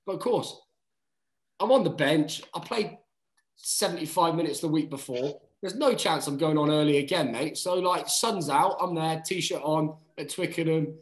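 A rugby player with a slightly high voice tells an animated story during casual chat, swearing freely, acting out quotes, and calling everyone mate. The recording is low-quality and reverberant.

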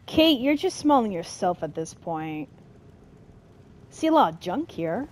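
A woman's voice: mid-range voice, big pitch swings, measured pace, darkish tone, poor audio. A woman casually commenting on a game she is playing, with amused playful reactions. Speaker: gameplay streamer.

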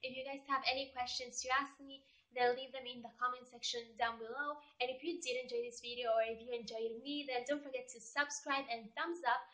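Chatty woman vlogger, higher voice. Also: steady tone, fairly quick, few pauses, sharp tone. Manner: chatty, storytelling with acted-out quotes. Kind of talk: casual chat to camera.

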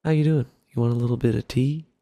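A cozy, easygoing hockey guy with a Canadian accent, put on by a man. He sounds homey and welcoming, pitched a bit above a gravelly speaking voice. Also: steady tone, quick pace, dark tone, no room sound, natural voice. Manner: homey, welcoming, laid-back.

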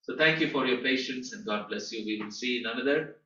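Earnest bright-voiced man teaching in an echoey room. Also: mid-range voice. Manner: earnest storyteller, halting with pauses. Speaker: guest teacher at a Bible school. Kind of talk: lecture with personal testimony. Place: lecture room. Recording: echoey room, distant dull mic.

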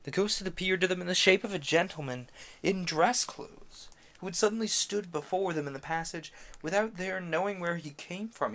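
A man's voice: fairly high pitch, moderate pace, a bit bright, a little hiss or hum. A man reading a classic novel aloud on a stream, tripping over French names, correcting himself and adding brief offhand asides. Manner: adds brief offhand asides between passages. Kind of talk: casual read-aloud narration.

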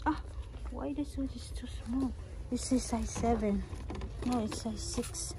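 High-voiced mom shopping in a noisy store. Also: female voice, steady tone, unhurried. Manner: casual, coaxing her child along while shopping. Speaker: mother and vlog host. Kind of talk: casual family vlog chat. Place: inside a busy store.

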